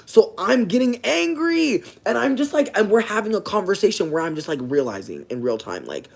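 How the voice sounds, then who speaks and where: A young man telling a personal story in a casual, profane, slangy way, swinging from low asides to loud, animated outbursts. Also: fairly quick, creaky. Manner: breaks off to talk to passersby.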